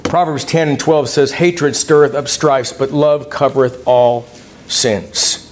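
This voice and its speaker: A man's voice: mid-range voice, fairly even intonation, slow pace. A male preacher giving a conversational sermon in church, addressing the congregation as folks and reading scripture aloud. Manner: folksy, conversational, quotes scripture in King James wording.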